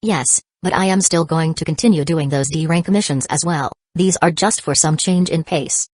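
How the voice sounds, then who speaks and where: Woman reading a calm nine-year-old ninja boy. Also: sits low, normal speed, breathy edge, no room sound, clean studio sound. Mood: steady.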